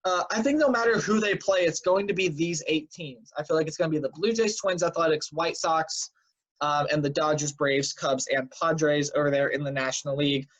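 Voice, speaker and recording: A man's voice: a little high, fairly quick. A man hosting a casual weekly sports news recap who sounds tired and fills his talk with "um" and "uh". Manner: chatty, filler-heavy, offhand predictions. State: tired and yawning. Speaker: sports show host. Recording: dull lo-fi home recording.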